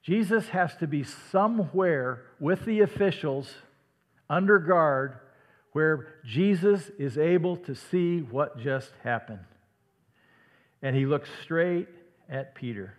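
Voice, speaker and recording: Conversational preacher in an echoing hall. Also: male voice, fairly high pitch, expressive, takes it slowly. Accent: slight Midwestern. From Iowa. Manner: conversational, dramatic dips to a hush. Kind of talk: sermon. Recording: long hall reverb.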